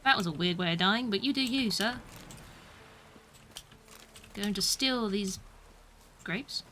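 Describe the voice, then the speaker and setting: A woman's voice: medium pitch, takes it slowly, sharp tone, slight background noise. A young British woman streaming a game, chatting casually, mocking herself and laughing often. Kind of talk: casual gameplay commentary.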